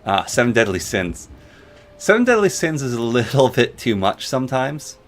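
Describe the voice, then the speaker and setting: A man's voice: mid-range voice, big pitch swings, moderate pace, a little hiss or hum. A man casually rambling and joking while narrating his gameplay. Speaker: gaming channel host.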